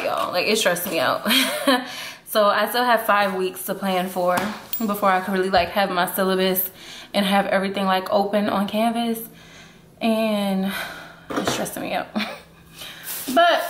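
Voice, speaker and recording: A chatty woman vlogging to her viewers in a relaxed, rambling way, laughing between thoughts. Her voice sits at an ordinary pitch. It was caught on an echoey recording with loud noise behind her. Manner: chatty, laughs often, addresses viewers as y'all. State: out of breath. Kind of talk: casual vlog chat. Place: inside a car.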